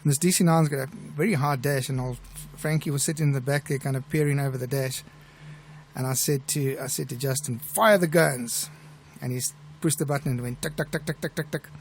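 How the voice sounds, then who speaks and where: A middle-aged man with a South African accent, a pilot who hosts a live show and tells stories in a chatty, relaxed way. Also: mid-range voice, fast talker, a little hiss or hum. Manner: chatty, relaxed storyteller with restarts. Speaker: airline pilot and show host. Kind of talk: live show chat and anecdote telling.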